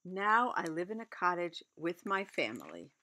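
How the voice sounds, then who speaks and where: A woman reading a picture book aloud, gentle, adding chatty asides about the pictures. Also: lowish voice, huge pitch swings, normal speed. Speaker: reader.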